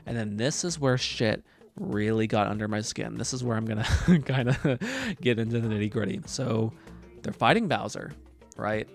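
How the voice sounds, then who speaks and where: A man's voice: on the low side, normal speed, gravelly, faint music behind. A young man giving a casual, chatty movie review, swearing freely and mocking what he describes.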